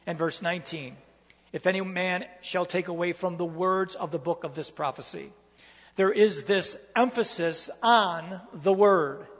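A man's voice: high-pitched, measured pace, long reverb tail. A man preaching a sermon, reading scripture aloud with emphatic, repetitive phrasing.

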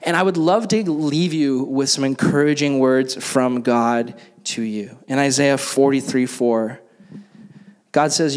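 A young man preaching to a youth group. His voice sits at a middle pitch, and he talks loosely, leaning on "like" and restarts. He moves from casual sermon talk into a softer spoken prayer. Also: measured pace. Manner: casual, filler-heavy preaching with many "like"s. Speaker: youth pastor.

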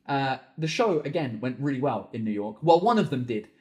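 A man's voice: mid-range voice, big pitch swings, reverberant. A comedian hosting a solo podcast, ranting and swearing as he answers listener questions, hot and sweaty in a small room. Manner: ranting, sweary, quick swings into shouting. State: overheated and sweating.

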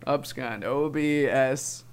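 A man's voice: mid-range voice, takes it slowly, clean tone. Young male podcast co-host, easygoing, laughs a lot, says "dude". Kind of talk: casual chat, spelling bee game.

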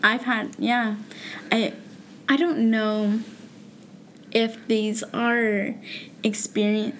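A young woman in casual chat, giving measured, thoughtful remarks. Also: fairly high pitch, level tone, a little hiss or hum.

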